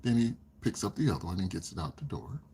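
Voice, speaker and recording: A man's voice: deep voice, big pitch swings, fast, mellow, a little hiss or hum. A man casually telling stories on a live stream, chuckling often and acting out other people's lines. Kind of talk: casual storytelling.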